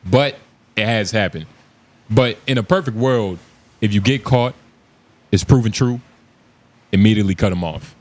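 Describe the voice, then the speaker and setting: A man with a fairly low voice holds forth in a loose podcast argument. He curses freely and pushes his point over the others. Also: normal speed, pauses often. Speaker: podcast co-host. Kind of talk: casual chat.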